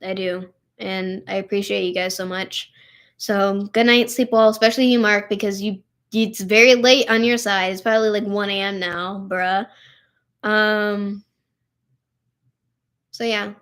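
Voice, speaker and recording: A woman's voice: mid-range voice, fairly even intonation, unhurried, a bit bright, clear, resonant tone. A young adult woman chatting on a live stream, tired and upset, rambling with lots of "like" and "literally". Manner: emotional, tired, heavy use of "like" and "literally". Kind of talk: casual live stream chat.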